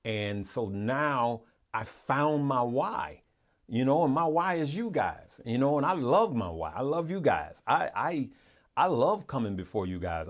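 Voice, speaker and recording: Man, livestream host, casual chat, earnest, motivational, rambling, repeats himself, stammers and restarts. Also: mid-range voice. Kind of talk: casual live-stream talk to viewers.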